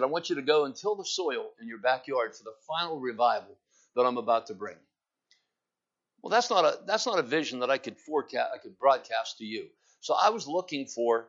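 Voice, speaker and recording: A man preaching a sermon as pastor, swelling loud and slow on key phrases, then dropping soft and quiet. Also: a little high, dull audio.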